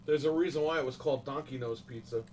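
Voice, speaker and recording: A man's voice: mid-range voice, fast talker, darkish tone, distant mic, a little hiss or hum, poor audio. Profane ranting New man. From New York, USA. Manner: profane, ranting, emphatic complaints. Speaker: livestream host. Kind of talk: casual livestream chat.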